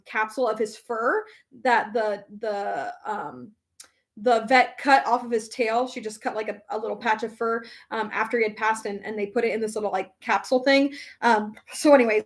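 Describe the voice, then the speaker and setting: A young adult woman chatting casually as a vlogger, reading comments aloud, emotional and quick to laugh, with many fillers. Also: a little high, a bit bright. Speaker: vlogger reading live chat. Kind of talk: casual chat.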